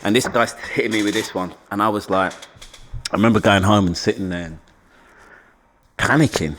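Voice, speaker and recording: A middle-aged man with a London accent, a podcast guest telling animated stories and laughing as he goes. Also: lowish voice, fast talker. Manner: animated, laughing, swings into voices. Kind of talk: casual storytelling chat.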